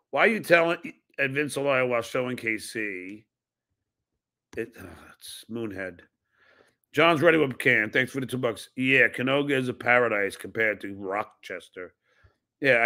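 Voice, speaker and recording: A man's voice: mid-range voice, pushed and bright. A man hosting a podcast, reading out viewer donations and firing back blunt, profane retorts. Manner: reads messages aloud and snaps back with blunt, profane retorts. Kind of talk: casual live-stream chat.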